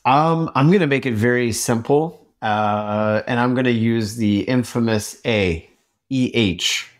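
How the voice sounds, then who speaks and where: A man's voice: mid-range voice, a little slow. A Canadian man, a podcast guest, chatting casually, laughing often and acting out examples.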